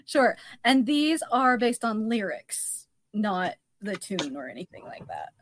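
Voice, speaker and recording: A woman's voice: mid-range voice, sing-song, measured pace, no room sound. Hesitant woman poet as podcast guest. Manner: hesitant, full of ums, laughs often. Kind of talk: casual podcast chat.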